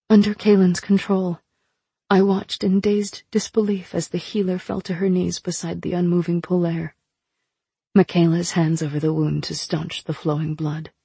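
Gravelly, husky female narrator. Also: fairly low pitch, dark tone, no echo. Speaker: audiobook narrator. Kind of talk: first-person scripted narration.

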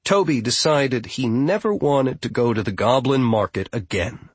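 A man narrating a storybook in a measured, wry manner. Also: mid-range voice, breathy edge, dry recording. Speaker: audiobook narrator. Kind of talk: scripted narration.

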